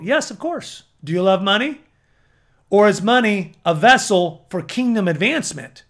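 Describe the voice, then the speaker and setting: A man preaching to an audience as a prophetic minister, fervent and building to emphatic near-shouts. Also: high-pitched, animated, normal speed.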